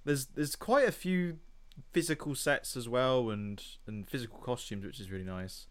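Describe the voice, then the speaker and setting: A man's voice: mid-range voice, normal speed. A man co-hosting a film podcast, chatting casually in a rambling, hesitant way. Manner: rambling, hesitant, retells chats with voices. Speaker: podcast co-host. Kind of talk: casual film review chat.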